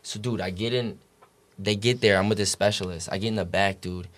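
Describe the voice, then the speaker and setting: A man's voice: lowish voice, fairly even intonation, fairly quick, fairly bright tone. A young man telling his story as a podcast guest, casual and rambling, swearing freely and filling his talk with "like" and "dude". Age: young adult. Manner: profane, rambling, full of "like" and "dude".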